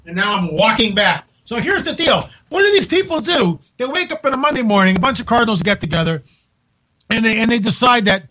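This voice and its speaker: A man hosting a live talk radio show from home, incredulous and animated, restarting his sentences often. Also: high voice, quick pace, rough recording.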